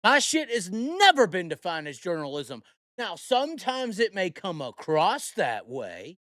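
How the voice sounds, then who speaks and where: A man's voice: high-pitched, wildly swooping pitch, unhurried, fairly bright tone, no echo, clean studio sound. A man hosting a podcast, telling a rambling, profane and heated story in casual talk. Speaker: host.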